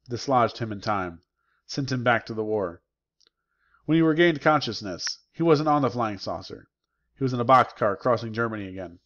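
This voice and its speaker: A man reads a novel aloud at a calm, measured pace, like a teacher sharing a book. His voice sits in an ordinary middle pitch. The recording sounds slightly muffled and lo-fi. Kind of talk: audiobook narration.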